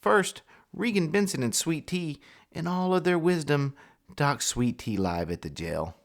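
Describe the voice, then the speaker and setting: Wry male commentary host, lively pitch. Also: a little slow, vocal fry. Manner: wry, sarcastic remarks with short laughs. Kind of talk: scripted video commentary.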